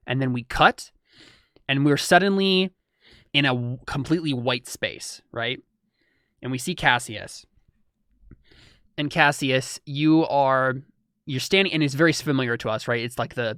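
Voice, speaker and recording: A man's voice: mid-range voice, fairly bright tone, smooth, dry recording, studio quality. Rambling young man running a tabletop game. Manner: rambling, full of fillers and restarts. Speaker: game master.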